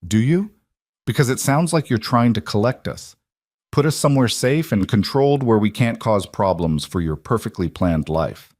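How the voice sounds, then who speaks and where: A man's voice: on the low side, expressive, moderate pace, darkish tone, no echo, studio quality. A man voicing a proud, wary pregnant young woman who speaks bitterly and defiantly.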